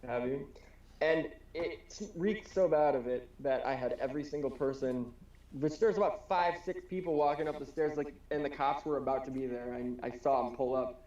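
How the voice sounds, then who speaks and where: This man from Wisconsin has a voice on the high side with a darkish tone, and he keeps a moderate pace. As a podcast co-host in an easygoing chat, he tells a rambling story full of profanity and acted-out quotes. It's a roomy, slightly dull home recording.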